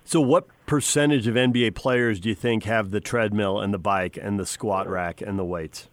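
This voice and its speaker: A man's voice: lowish voice, moderate pace, no echo. A male host who chats with his guest in a teasing way and tells little stories to make his point. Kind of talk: casual interview.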